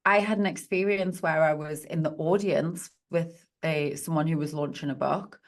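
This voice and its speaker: A woman's voice: low-pitched, fairly even intonation, normal speed. A woman speaking as a podcast guest and positive psychologist, talking in an earnest, encouraging coaching tone. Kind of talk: podcast conversation.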